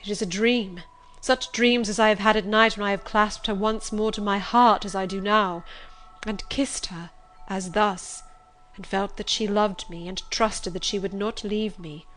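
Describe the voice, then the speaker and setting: A woman reading aloud and voicing a blind, brooding older gentleman who swings between commanding demands and desperate pleading. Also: medium pitch, steady tone, unhurried, slight background noise, close to an everyday voice. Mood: anguished. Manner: urgent, imperious, pleading outbursts.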